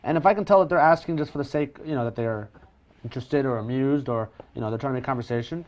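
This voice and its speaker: A man talks fast and loosely, jumping between thoughts with restarts and little jokes at his own expense. The sound is dull and slightly lo-fi, like a low-grade stream. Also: darkish tone. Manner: chatty, self-deprecating, many restarts. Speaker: professional magician guest. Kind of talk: casual conversational chat.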